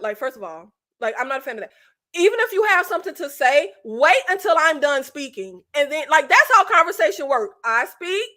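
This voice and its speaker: Her voice sits high, pushed and bright, as this woman vlogger gives casual, foul-mouthed commentary on a reality show. She rants talkatively, hammering points home by repeating phrases, and laughs a lot.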